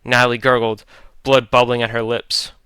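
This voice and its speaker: A man narrating a horror story in a dramatic, deliberate way. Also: mid-range voice, little pitch movement, pushed and bright, clear, resonant tone, dry recording.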